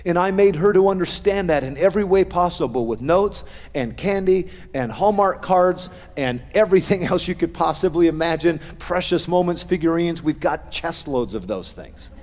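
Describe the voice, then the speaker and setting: A middle-aged male pastor preaching a sermon, with animated swings in pitch and loudness. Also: normal speed, hardly any pauses. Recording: long hall reverb.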